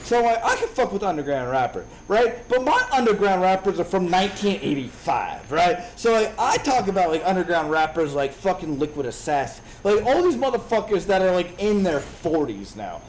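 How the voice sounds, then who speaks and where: A man in his thirties from Chicago, telling a profane, animated story in a casual rant while streaming a game. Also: sits high, moderate pace, hardly any pauses, a little hiss or hum, rough recording. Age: 30s.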